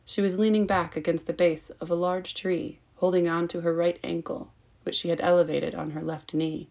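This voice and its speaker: Low, gravelly woman narrating a story. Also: steady tone, normal speed, a little mellow. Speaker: story reader. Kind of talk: fanfiction audiobook narration.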